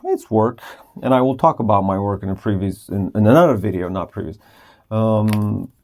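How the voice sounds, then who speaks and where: A man's voice: lowish voice, normal speed, darkish tone. A tired man rambling casually at home late at night while he tests a small clip-on wireless mic. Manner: rambling, self-interrupting, sometimes whispering. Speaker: vlogger testing a microphone.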